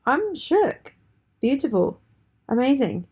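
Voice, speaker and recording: A woman's voice: high-pitched, very animated, mellow. A woman reacting to a rap entry, gushing with short exclamations of praise. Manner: gushing, slow, gravelly. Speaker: guest reactor. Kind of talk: casual reaction commentary.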